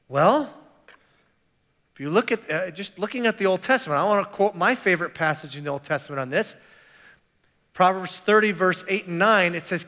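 Male pastor, sermon, casual and animated, higher voice, long hall reverb. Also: normal speed. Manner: conversational, animated preaching with repeated restarts.

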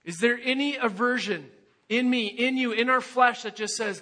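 High, bright-voiced male preacher. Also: normal speed. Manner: earnest, emphatic preaching with rhetorical questions. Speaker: pastor. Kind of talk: sermon.

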